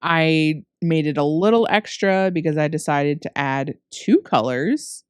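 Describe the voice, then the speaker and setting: In a deep voice at a measured pace, a woman narrates a cookie decorating tutorial, her smooth sound caught on a close mic in a studio with no room sound. The voice-over is loose and rambling, with frequent self-corrections. Late-night fatigue shows, and she laughs at her own stumbles.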